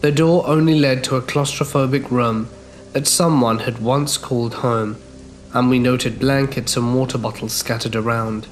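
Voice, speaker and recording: A man narrating a first-person horror story in a measured, scripted way. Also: medium pitch, fairly even intonation, slight background noise. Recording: faint background music.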